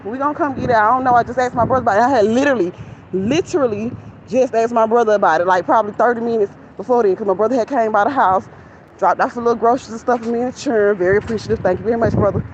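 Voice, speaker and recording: A woman's voice: fairly high pitch, very fast. A young woman, rambling casually and candidly to viewers while out of breath on a walk. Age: young adult. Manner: chatty, candid, venting to viewers. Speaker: vlogger. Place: outdoors near a shopping center. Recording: lo-fi phone audio, traffic noise.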